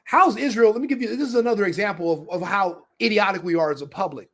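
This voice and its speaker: Casting note: male podcast host with a high voice, angry commentary, repetitive demanding rant. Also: quick pace, a bit bright. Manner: ranting, repetitive demands, swearing. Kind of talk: heated political commentary.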